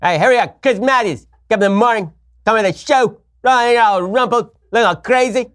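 A man putting on an impression of an excitable male cable news anchor, rambling stream of consciousness in a raised voice. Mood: manic rambling. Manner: high-pitched, rushed, stream of consciousness. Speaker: podcast host.

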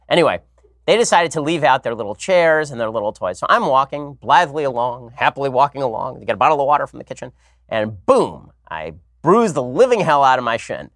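A man in his thirties hosts a podcast in a wry, rambling monologue, tossing in sarcastic asides. His voice sits at an ordinary middle pitch. The sound is dry and close, with no room echo. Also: a bit bright. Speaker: podcast host. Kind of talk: casual monologue and commentary.

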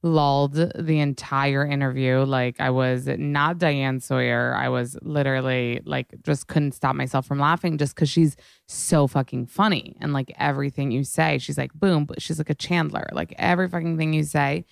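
A young woman hosting a podcast, chatting casually and excitedly, with lots of swearing and filler words. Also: extremely low pitch, gravelly, clear, resonant tone, dry recording, studio quality. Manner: gushing and fast, heavy swearing and "like". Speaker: podcast host. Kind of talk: casual chat.

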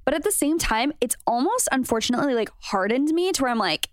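A young woman guest on a podcast, talking bluntly and speaking her mind. Her voice is a little high. The sound is close and dry, with no room around her. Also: expressive, quick pace, dry recording. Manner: blunt, frank and opinionated. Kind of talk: casual chat.

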